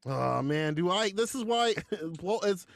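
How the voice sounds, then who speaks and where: A man's voice: high-pitched, animated, a little slow, gravelly, dry recording, studio quality. A man doing casual esports play-by-play from a small closet at home, slangy and laid-back, talking to his chat. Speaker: esports commentator.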